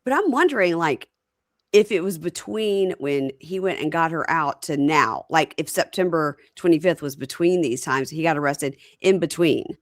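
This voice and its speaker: A woman's voice: low voice, moderate pace, dry recording, clean studio sound. A woman hosting a casual recap podcast, acting out scenes from the show in put-on voices. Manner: animated retelling, acting out scenes in quoted voices. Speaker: podcast host. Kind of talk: casual reality TV recap chat.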